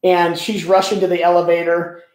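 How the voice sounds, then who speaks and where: A man's voice: high voice, completely flat delivery, moderate pace, a little mellow. A man who tells stories animatedly as a guest in a business interview, often repeating words as he talks. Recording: echoey room.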